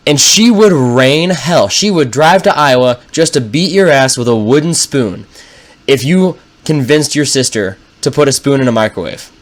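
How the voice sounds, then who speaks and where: A man putting on an exasperated older father, scolding his grown son over the phone. The voice sits a touch higher and louder than the storyteller's own and lands each warning slowly and deliberately. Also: close to an everyday voice.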